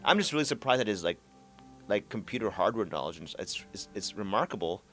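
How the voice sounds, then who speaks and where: A man hosting a casual gaming chat, animated, who laughs often and trails off into repeated words. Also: fairly low pitch, a little fast, faint music behind. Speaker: podcast host.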